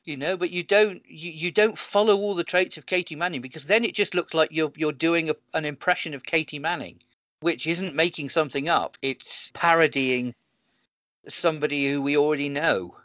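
A man's voice: a little high, normal speed, fairly bright tone, no echo. A man co-hosting a casual chat, rambling through explanations with many restarts. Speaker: podcast co-host. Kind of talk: casual chat planning a role-play. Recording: dull lo-fi sound.

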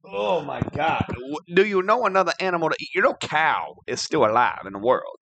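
A man co-hosting a comedy podcast, telling tall tales with loud, animated outbursts. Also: a little high, fairly quick, creaky, dry recording. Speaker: co-host.

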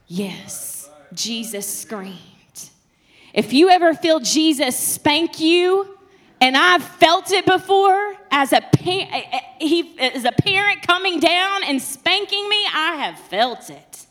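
A woman, preaching a passionate sermon that swings between soft and loud. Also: extremely high pitch, expressive, slow pace.

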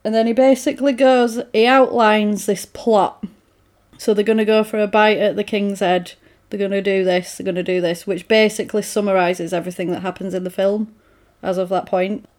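A woman in easy conversation, retelling a film scene by scene. Her pitch sits in a middling range, and she slips into quoted lines with lively energy before dropping back to plain chat. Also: normal speed. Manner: animated retelling, acting out quoted lines with laughs. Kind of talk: casual film recap chat.

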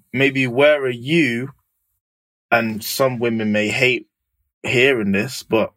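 A young man chatting casually on a podcast, full of slang and quick to laugh. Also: mid-range voice. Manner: slangy, laughs often, animated. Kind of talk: casual chat.

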